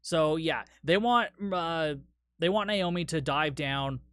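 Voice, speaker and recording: A man's voice: a little high, takes it slowly, fairly bright tone, clean tone, no room sound. A man hosting a solo podcast, recapping a movie in a casual, rambling, profane way, tired after a long day. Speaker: podcast host.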